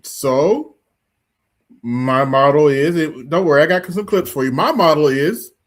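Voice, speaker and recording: A man's voice: on the high side, unhurried. A man hosting a livestream, talking emphatically and repeating his points straight to his audience. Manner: emphatic, repetitive, addresses audience directly. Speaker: streamer host. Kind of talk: casual commentary livestream.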